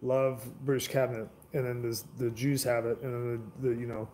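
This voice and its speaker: A man's voice: mid-range voice, little pitch movement, fairly quick, dark tone, slight background noise. A man giving a casual, rambling history talk, loose and profane, full of filler words and restarts.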